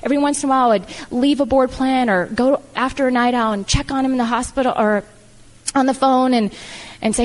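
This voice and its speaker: A middle-aged woman giving a heartfelt, animated motivational speech to an audience. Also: high voice, fairly quick. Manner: heartfelt, animated, repetitive "I love" phrasing. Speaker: speaker at a business event. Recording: reverberant hall.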